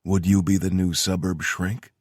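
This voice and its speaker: A man's voice: low-pitched, little pitch movement, normal speed, breathy edge, dry recording. An actor voicing a wry soldier who banters with his lover in an audiobook. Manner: dry, joking banter.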